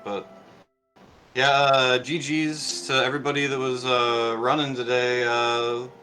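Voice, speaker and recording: A man's voice: mid-range voice, level tone, a little slow, bright, forceful tone, faint music behind, poor audio. A middle-aged man chatting casually after a speedrun, rambling with lots of fillers and restarts. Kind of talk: casual post-run chat.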